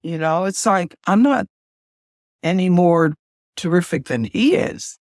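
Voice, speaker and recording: A woman's voice: fairly low pitch, lively intonation, unhurried, a little mellow, dry recording, clean studio sound. A woman co-hosting a podcast in casual chat, emphatic and chatty with folksy asides. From United States. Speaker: podcast co-host and singer.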